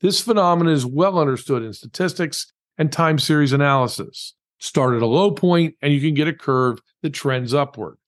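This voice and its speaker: A man with a slightly higher voice delivers a scripted podcast commentary. He reads emphatically and drops wry, sarcastic asides. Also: moderate pace, few pauses.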